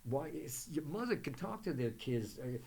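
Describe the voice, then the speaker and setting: A man hosting his own psychic show, rambling through spiritual advice full of fillers and restarts, with gentle affirmations and blessings for viewers. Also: fairly high pitch, big pitch swings, moderate pace, creaky, husky.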